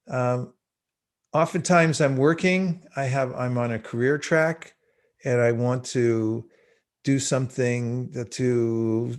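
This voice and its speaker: A man in his sixties giving a guided spiritual talk over a video call, teaching in an unhurried, measured way with frequent pauses. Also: medium pitch, gravelly, darkish tone. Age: 60s.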